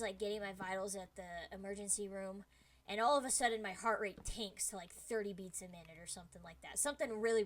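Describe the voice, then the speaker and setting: A young woman streamer casually telling a dramatic personal story, full of slang and lively asides. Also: mid-range voice. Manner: animated, dramatic slang-filled retelling.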